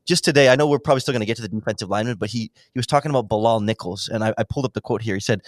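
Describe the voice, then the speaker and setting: A man in casual football analysis chat, talking in quick animated bursts as a podcast guest. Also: mid-range voice, no room sound. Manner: animated, quick, breaks into mock impressions. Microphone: remote call microphone.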